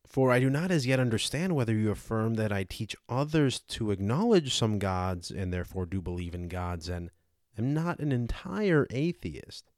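A man's voice: on the low side, big pitch swings, moderate pace, a little mellow, dry recording, clean studio sound. A man reading as an old probing philosopher. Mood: indignant. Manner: rhetorical, cross-examining. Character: aged male philosopher, ironic and probing. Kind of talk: dramatized audiobook reading.

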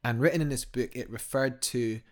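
A man's voice: mid-range voice, fairly quick, darkish tone. A man, a guest telling a climbing story in a casual podcast chat, enthusiastic and rambling with many restarts.

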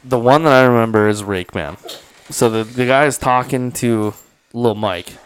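A man's voice: mid-range voice, moderate pace, a little hiss or hum. Laughing man spinning a story. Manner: laughing storyteller acting out quoted voices. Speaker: podcast host. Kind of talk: casual storytelling chat. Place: studio.

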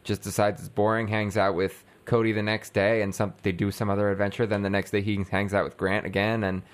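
Relaxed low-voiced man co-hosting. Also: brisk. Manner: relaxed, agreeable, short interjections. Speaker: co-host developing a story. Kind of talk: casual brainstorming chat.

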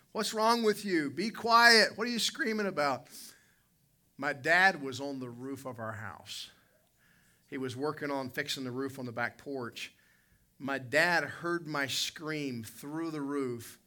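A pastor with a medium-pitched, sharp-toned voice preaches a sermon, sharing a folksy personal story and calling out to people in the congregation.

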